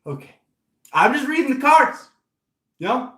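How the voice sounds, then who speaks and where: A man's voice: very high voice, normal speed. Playful man reading tarot, echoey room. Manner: animated, playful, teasing, talks to himself and the cards. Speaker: tarot reader.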